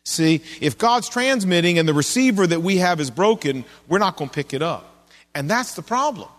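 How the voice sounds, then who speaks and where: A man's voice: sits high, expressive, moderate pace, in a large hall. A man preaching a sermon in a conversational way, asking his listeners questions as he goes. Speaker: pastor.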